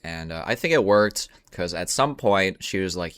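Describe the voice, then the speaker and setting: A young man with a very low voice tells a loose storytime monologue from home, rambling and swearing freely, leaning on slang and fillers. The sound is dry and close, with little room around it. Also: animated, measured pace, hardly any pauses, a bit bright, smooth, dry recording.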